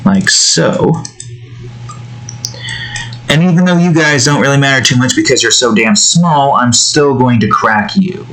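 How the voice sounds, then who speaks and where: Young guy mumbling through his drawing, rambly, talks to himself a lot, middle-pitched voice. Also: measured pace, pauses often, a bit bright, rough recording. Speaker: digital artist. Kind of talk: casual narration while drawing.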